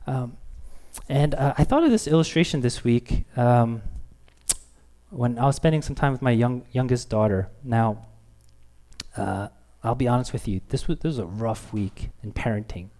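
A man's voice: medium pitch, normal speed, warm tone. A man in his thirties, a pastor preaching a sermon, talking candidly and self-deprecatingly, with playful acted quotes.

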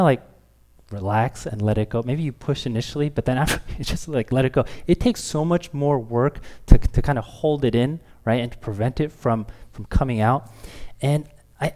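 In a medium-pitched voice with a bit of mellowness, a man in his thirties preaches a sermon as a pastor. Candid and quick to laugh at himself, he acts out quotes in a playful way.

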